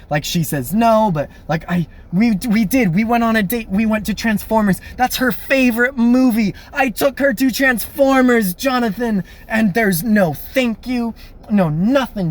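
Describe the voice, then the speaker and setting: A young man casually telling a personal story, animated and laughing, acting out the voices of people he quotes. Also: high-pitched. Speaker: storyteller vlogger.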